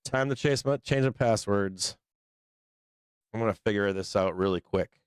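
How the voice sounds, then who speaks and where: A man's voice: lowish voice, moderate pace, clean tone, dry recording, studio quality. Profane, rambling male stream host. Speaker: livestream trading show host. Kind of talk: casual livestream chat.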